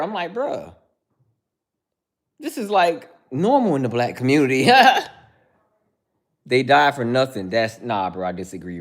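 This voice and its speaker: A man hosting a livestream who answers viewers by name in casual, heated talk, calling everyone "bro.". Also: medium pitch. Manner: heated, preachy, says "bro" constantly; addresses chatters by name. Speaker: livestream host.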